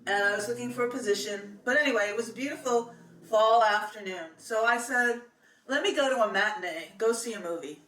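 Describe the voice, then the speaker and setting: A woman's voice: a little high, fairly quick, fairly bright tone. A middle-aged woman tells a personal story in a chatty, meandering way. She doubles back with fillers and restarts as she goes. Her voice sits in an echoey room, a little distant from the mic.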